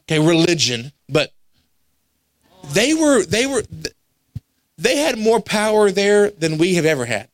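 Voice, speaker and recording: Animated preacher with a higher voice. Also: male voice, a little slow, long pauses. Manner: animated, acts out quoted voices, laughs at himself. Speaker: pastor. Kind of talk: storytelling sermon. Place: church sanctuary.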